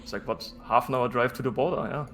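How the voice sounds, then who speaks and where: A man's voice: mid-range voice, fast talker, slight background noise. A man chatting casually during a game stream, joking and teasing the others. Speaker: gaming companion. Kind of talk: casual chat while gaming.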